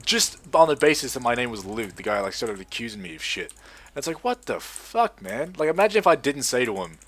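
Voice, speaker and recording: Swearing young gamer. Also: male voice, mid-range voice, fast. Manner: swears a lot, rambling and animated. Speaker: gaming video creator. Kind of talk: casual storytelling over gameplay commentary.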